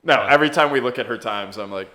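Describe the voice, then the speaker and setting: A man co-hosting a casual podcast, cutting in with dry, quick jokes. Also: medium pitch, a crowd in the background. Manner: dry, quick jokey interjections. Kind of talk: casual comedic chat. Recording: roomy echo.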